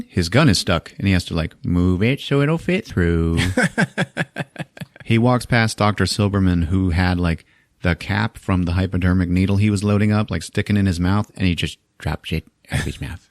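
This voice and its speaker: A man hosting a podcast, recapping a movie in a casual, profane, animated way and laughing often. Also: deep voice, moderate pace, dry recording, studio quality. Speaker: podcast host.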